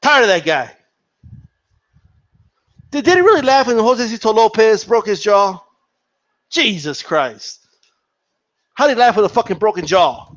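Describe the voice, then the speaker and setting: A man with a fairly high voice rants heatedly about boxing, swearing freely and circling back over the same points. He reacts to a live chat as he goes. The sound is dry and a bit dull, like a cheap home mic. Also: sing-song, unhurried, pauses often, fairly bright tone, no room sound. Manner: profane, heated, repetitive. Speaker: boxing commentator reading chat. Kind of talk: casual live-stream rant.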